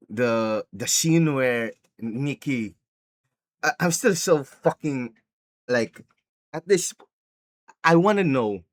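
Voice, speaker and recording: A man recapping a film in a casual vlog style, rambling, excitable and profane. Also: medium pitch. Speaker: movie reviewer.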